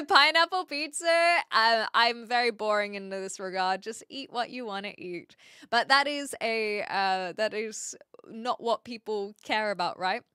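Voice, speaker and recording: A woman with an educated New Zealand accent, chatting casually on a live stream, rambling, pausing to search for words and reading chat aloud. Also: fairly high pitch, bright, forceful tone, clean tone, dry recording, studio quality.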